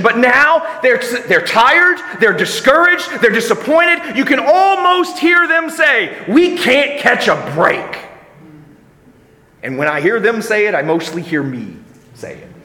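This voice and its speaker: Male preacher, high bright tone, sermon delivery with quiet-to-loud swings, echoey hall recording. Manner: swings from quiet reflection to loud emphatic passages.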